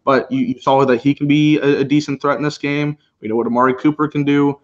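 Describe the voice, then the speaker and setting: A man's voice: medium pitch, quick pace, lo-fi sound. Casual man calling the game live. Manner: relaxed, laughs often, calls plays as they happen. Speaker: co-host of a live game reaction stream. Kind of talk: casual live play-by-play chat.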